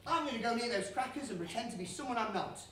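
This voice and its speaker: A woman playing a silly young man in a stage pantomime, chummy and playful as she gets the audience shouting. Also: on the high side, lively intonation, fast talker. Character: Bree, a silly, cheese-loving young man. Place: theatre stage. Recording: echoey theatre from far off, noisy.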